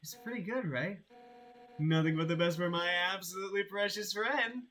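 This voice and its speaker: A man reading a game aloud while voicing a brash, hot-headed female fish warrior captain in a loud, blunt way. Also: a little high, lively intonation, normal speed, husky, poor audio. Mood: confiding. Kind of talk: reading game dialogue aloud on a live stream.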